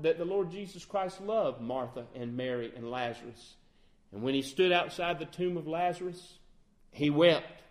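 A man preaching with an earnest, steady delivery. His voice sits a little higher than most men's. He quotes scripture often and presses harder as his points build. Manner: earnest preaching that rises in force toward the close, with many scripture quotes. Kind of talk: sermon.

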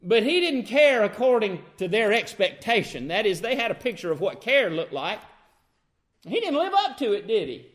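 Preacher guy, high voice, swoops all over, keeps asking the crowd questions. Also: sing-song, moderate pace, fairly bright tone. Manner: emphatic, rhetorical questions to the congregation. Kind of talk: sermon.

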